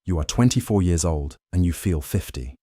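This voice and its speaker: A man narrating a bedtime history story in second person, calm and even. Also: deep voice, moderate pace, no room sound, studio quality.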